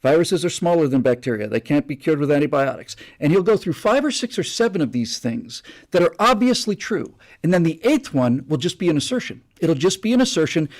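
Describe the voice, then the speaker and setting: A man hosts a live stream and spins a casual story. His voice sits a little high, with a gravelly fry. He talks loosely and with energy, restarting phrases often. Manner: animated raconteur, many restarts.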